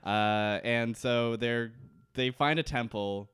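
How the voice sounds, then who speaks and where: A man's voice: mid-range voice, slow, a bit bright, smooth. A man co-hosting a podcast, giving a joking, profane recap of a TV episode and acting out the scenes. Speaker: podcast co-host. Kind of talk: casual episode recap chat.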